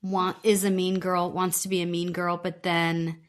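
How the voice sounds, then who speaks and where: Podcast lady w a lowish voice, gossiping about reality tv, laughs a lot. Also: flat delivery, unhurried. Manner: chatty, laughs often, trails off and restarts. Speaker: podcast co-host. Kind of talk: casual chat about reality TV.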